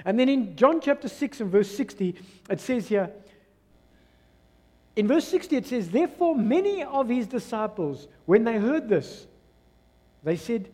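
Preaching a sermon in a church hall full of long reverb, a South African English-accented pastor uses a high voice that swings widely from hushed lows to loud peaks. He speaks unhurriedly with long pauses, acting out the voices of doubters and crowds along the way.

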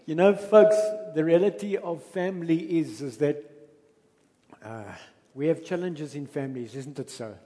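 A man's voice: fairly high pitch, normal speed, mellow. A South African man, a pastor, preaching a sermon in a conversational way, with emphatic bursts as he tells a story. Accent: South African English. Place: church hall. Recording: long reverb of a church hall.

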